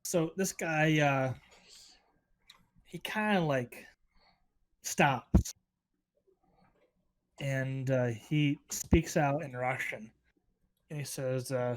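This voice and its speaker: A man narrating as game master in a tabletop role-playing session, talking with frequent pauses and fillers. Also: mid-range voice. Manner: hesitant, many fillers.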